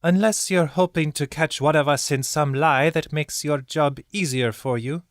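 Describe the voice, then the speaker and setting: A proud, terse bird-folk advisor, voiced by a man, talking in clipped, scornful phrases. Her voice sits high above his own and carries a touch more force than his narration. It is an audiobook reading in a dry booth. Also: normal speed, dry recording, lightly acted.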